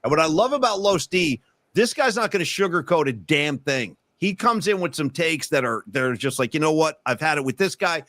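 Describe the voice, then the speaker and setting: A man hosting a casual sports podcast, joking and lively. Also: fairly high pitch, fairly quick, dry recording. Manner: lively, animated, jokey. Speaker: podcast host.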